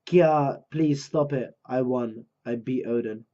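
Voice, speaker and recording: Man voicing a boastful shogun, scornful, paranoid, mellow dark tone, muffled lo-fi. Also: medium pitch, slow pace, natural voice. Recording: dull lo-fi recording.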